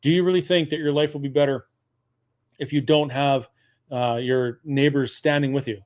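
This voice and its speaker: A man's voice: mid-range voice, fairly even intonation, moderate pace, darkish tone, lightly acted. A man voicing an impassioned older male politician, using a bad French accent and pleading theatrically.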